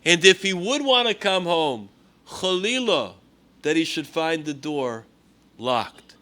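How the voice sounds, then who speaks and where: A rabbi giving a sermon, telling a story with Hebrew and Yiddish words and swinging between loud emphasis and hushed tones. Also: male voice, on the high side, sing-song, slow pace.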